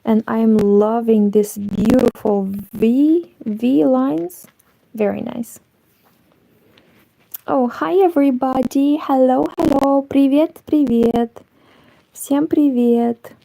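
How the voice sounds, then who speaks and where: Slow gravelly woman. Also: on the high side, warm tone, poor audio. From Moldova. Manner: chatty, greets viewers while crocheting. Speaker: crochet livestream host. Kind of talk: casual livestream chat.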